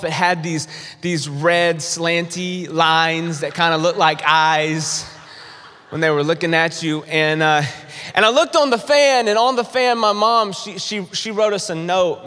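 A man's voice: sits high, pushed and bright. A young man preaching a sermon, telling a personal story animatedly and acting out his own panic. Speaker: pastor. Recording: long hall reverb.

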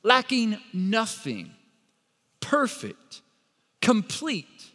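A man's voice: high-pitched, sing-song, slow, bright, forceful tone. A man preaching a sermon, with dramatic repetition and rising emphasis, standing before a congregation. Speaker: pastor. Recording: long reverb of a large hall.

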